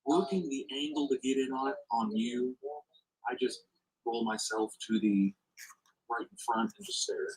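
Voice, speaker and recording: A man with a husky, slightly breathy voice chats easily as a guest player. He talks in a relaxed way and asks short questions about how the game works. The tone stays conversational throughout. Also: mid-range voice, normal speed, poor audio. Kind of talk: casual chat in a game session.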